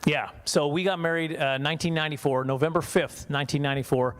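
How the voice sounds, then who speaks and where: A man's voice: a little high, steady tone, fast, fairly bright tone. A man in his forties from Saskatchewan doing a chatty, self-mocking stand-up comedy set, laughing at his own jokes. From Saskatchewan, Canada. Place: church hall.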